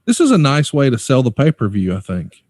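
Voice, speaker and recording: A man's voice: mid-range voice, wildly swooping pitch, fairly quick, darkish tone, no room sound, studio quality. A man hosting a casual interview, walking through old wrestling promos and quoting lines. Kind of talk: conversational interview.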